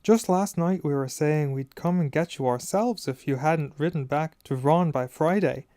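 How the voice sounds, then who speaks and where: A man's voice: fairly high pitch, normal speed, dark tone, no echo, clean studio sound, lightly acted. A man voicing a stern middle-aged mother who scolds her sons and fusses over a guest, in an audiobook. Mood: motherly. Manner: scolding, then fussing tenderly. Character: stern, fussing middle-aged mother, loud when angry. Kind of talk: audiobook character voice.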